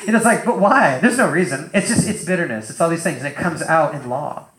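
A man preaching a casual sermon in a loose, animated way, full of fillers and acted-out asides, in a church hall. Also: fairly high pitch, fast. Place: church hall with a live audience. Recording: roomy echoing hall.

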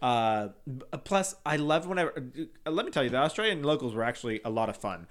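A man's voice: medium pitch, lively intonation, quick pace, fairly bright tone. A man co-hosting a podcast, chatting casually in a campy, talkative way with lots of fillers and swearing. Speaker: podcast co-host. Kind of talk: casual chat.

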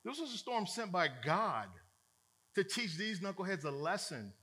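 Male pastor, high bright voice, casual and funny sermon delivery. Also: moderate pace, slightly rough. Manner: energetic, joking, colloquial.

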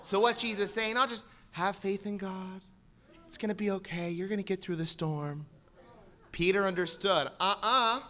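Bright, high-voiced man preaching a sermon. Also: moderate pace. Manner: swings from quiet teaching to shouted exhortation.

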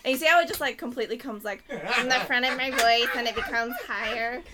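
A woman's voice: on the high side, fast, heavy background noise. A young Australian woman, an actor, chatting casually and giggling often while playing with accents. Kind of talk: casual chat.

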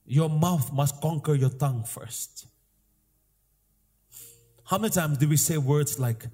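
A man's voice: on the high side, measured pace, pauses often, warm tone. A man preaching a sermon with emphatic, repeated declarations and calls for the congregation to respond. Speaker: pastor. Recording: live sermon in an echoing hall with faint music.

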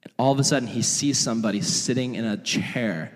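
A young man preaching a storytelling sermon as a youth pastor, animated and casual with frequent laughs. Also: mid-range voice, fairly quick. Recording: long hall reverb.

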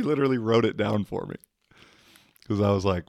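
A man with a low, resonant voice tells a loose, rambling story to the camera. He laughs often and swears casually along the way. The recording is dry and close, with no room sound. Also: brisk, creaky, long pauses, darkish tone, dry recording.

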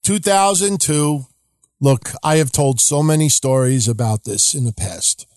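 A man's voice: mid-range voice, normal speed, very noisy. A man hosting a podcast, telling stories in a casual, conversational way. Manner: conversational, reminiscing. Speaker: podcast host. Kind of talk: casual storytelling.

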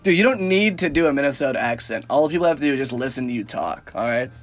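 A man's voice: mid-range voice, lively intonation, fast talker. A man co-hosting a casual podcast, ribbing his friend and arguing for fun. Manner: teasing, argumentative banter. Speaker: podcast co-host. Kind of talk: casual chat.

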